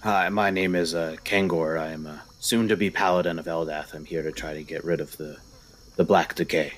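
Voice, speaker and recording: A man with a very deep voice playing an earnest young would-be paladin who speaks with halting sincerity. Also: steady tone.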